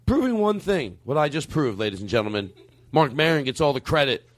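A man co-hosting a comedy podcast, telling stories in a loose riffing way and putting on a high ranting voice for a drunk uncle. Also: big pitch swings, brisk. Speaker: podcast co-host. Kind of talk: casual comedic chat.

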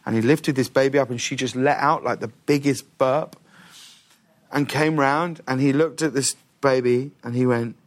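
A man's voice: medium pitch, moderate pace, slight background noise. A man, a talk show guest telling a story with lots of restarts in a television studio. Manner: lively anecdotal telling with restarts and acted-out quotes. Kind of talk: animated storytelling in a studio interview.

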